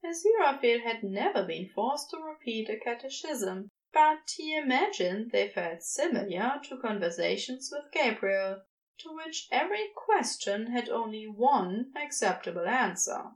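Woman reading a fanfic aloud, kinda high voice that goes all over. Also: expressive, moderate pace, poor audio. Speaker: narrator. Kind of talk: scripted narration.

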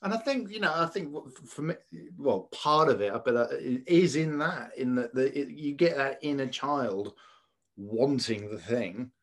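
A man's voice: mid-range voice, animated, normal speed. Thoughtful man host, searching for words. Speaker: podcast host. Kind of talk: casual conversation.

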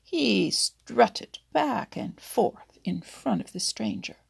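A woman reads a children's animal story aloud in an unhurried, gentle way. Her voice is heavily gravelly and husky, with many lines drifting into a half-whisper. The pace is leisurely. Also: mid-range voice, sing-song.

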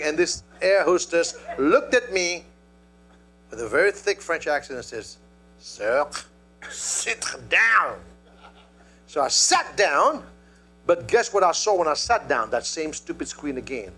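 A male preacher delivering a sermon, telling a story and calling out to the congregation in an animated way. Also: a little high, normal speed, husky, faint music behind.

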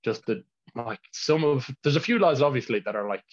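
A man's voice: medium pitch, animated, brisk. Irish teen guy rambling on, giggles a lot, muffled lo-fi audio. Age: teens. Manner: rambling storyteller, laughs mid-sentence. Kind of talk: casual chat. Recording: dull lo-fi sound.

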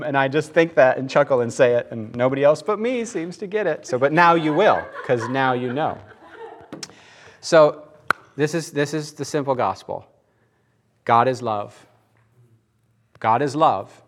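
A man preaching a conversational sermon, animated and joking as he goes. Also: fairly high pitch, moderate pace, noisy background. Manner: animated, laughs and jokes mid-sentence.

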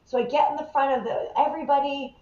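A woman guest in a podcast interview, telling a story in a lively, animated way and acting out the people in it. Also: high voice, quick pace. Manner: animated, acts out the people in her stories. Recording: roomy, slightly dull sound.

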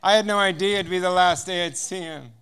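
A man's voice: sits high, fairly quick, a bit bright, clear, resonant tone. A man speaking as a guest speaker, telling a personal testimony and acting out the dialogue with frequent chuckles. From United States. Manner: storytelling that acts out dialogue, chuckling often.

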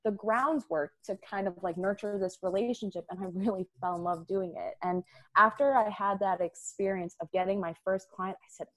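A woman telling her story as a guest in a casual interview, chatty and lively, with plenty of fillers. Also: medium pitch, moderate pace. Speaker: guest, dog business owner.

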